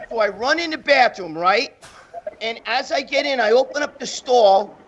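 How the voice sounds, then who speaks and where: A man telling stories on a talk show, profane and animated, acting out other people's lines. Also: extremely high pitch, moderate pace, lo-fi sound. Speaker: guest storyteller. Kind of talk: casual talk-show storytelling.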